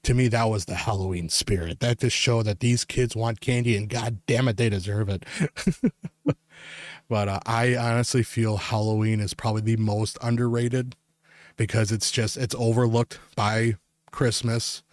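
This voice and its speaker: A man's voice: lowish voice, fairly even intonation, normal speed, no room sound. A young man hosting a podcast, telling a long story in casual, rambling chat full of filler words. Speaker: podcast host.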